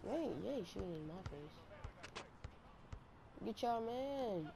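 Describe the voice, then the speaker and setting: A woman giving excitable, slangy, trash-talking commentary over her own basketball gameplay on a headset mic. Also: medium pitch, slow, vocal fry. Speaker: gaming channel host. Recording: noisy game audio behind.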